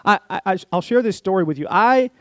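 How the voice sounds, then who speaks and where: A man with a high voice preaches to a congregation and tells his stories with playful energy, speaking straight to the people in the pews. The sound is close and dry, with hardly any room in it. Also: brisk, no room sound. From Florida. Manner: animated storyteller, playful, talks to the congregation. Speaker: guest speaker. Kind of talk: sermon with a told joke.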